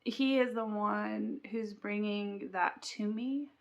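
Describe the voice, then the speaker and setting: A woman's voice: mid-range voice, fairly even intonation, slow pace, vocal fry. A young woman vlogger sharing an earnest, confessional faith reflection to camera. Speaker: Christian vlogger.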